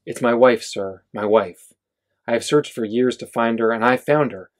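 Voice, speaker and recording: A man's voice: mid-range voice, moderate pace, lightly acted. A man reading aloud as a desperate man pleading urgently for his wife, at a bookstore reading.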